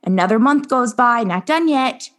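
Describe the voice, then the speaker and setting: A woman's voice: on the high side, expressive, moderate pace, fairly bright tone. A woman hosting a podcast interview, telling her own setbacks in an earnest, reflective way. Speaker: podcast host and women's coach. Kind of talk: conversational interview.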